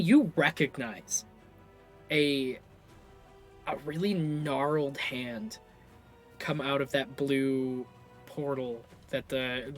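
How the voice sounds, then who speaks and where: A man's voice: medium pitch, fairly bright tone. A man narrating as game master of a live tabletop game, loose and full of fillers.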